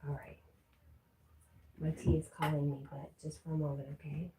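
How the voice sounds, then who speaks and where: A woman's voice: low-pitched, level tone, normal speed, reverberant, background noise. Woman chatting on a livestream. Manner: reads viewer comments aloud, coos softly to her dog. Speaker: livestream host reading chat. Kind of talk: casual livestream chat.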